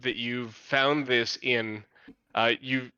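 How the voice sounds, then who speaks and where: Guy gm for a tabletop game, bright voice, dry lo-fi mic, kinda halting explainer. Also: mid-range voice, fairly even intonation, smooth, no room sound. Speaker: game master.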